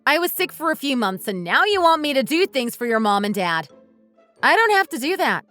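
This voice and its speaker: A woman's voice: high-pitched, sing-song, brisk, pushed and bright, faint music behind, heavily acted. A woman voicing a resentful wife fed up with her husband, speaking in a bitter, accusing way. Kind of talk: scripted dialogue drama.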